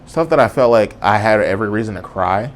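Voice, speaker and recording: A man's voice: fairly low pitch, expressive, a little fast, a little hiss or hum. A man hosting a podcast, talking on his own in an earnest, casual and reflective way. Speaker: podcast host. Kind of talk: solo podcast monologue.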